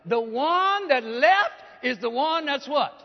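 A man preaching a sermon, often asking the congregation questions and rising to loud, emphatic peaks. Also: extremely high pitch, expressive, slow pace. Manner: call-and-response preaching, asks the congregation questions. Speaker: pastor. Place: church. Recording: dull lo-fi church hall recording.

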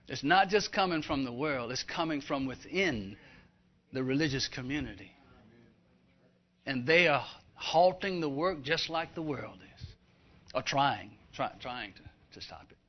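A man preaching a sermon emphatically, building to fervent, loud passages. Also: medium pitch, lively intonation, measured pace. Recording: dull lo-fi recording.

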